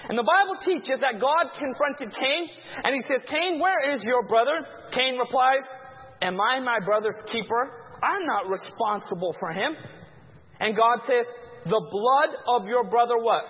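A man's voice: very high voice, expressive, a little slow, a little hiss or hum. A man teaching a Bible class who keeps quizzing his listeners with fill-in-the-blank prompts. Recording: dull sound with long hall reverb.

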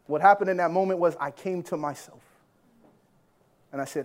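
Guy with a high voice giving a sermon to a church crowd, storytelling, gets loud then goes quiet. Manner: animated storytelling, quick swings from loud to hushed. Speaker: preacher. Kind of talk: sermon testimony.

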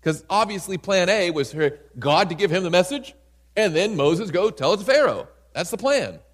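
Guy preaching, high lively voice that jumps all over, acts out the bible lines, big echoey church sound. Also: normal speed. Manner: animated, acts out scripture quotes, laughs often. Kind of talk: sermon. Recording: hall reverb.

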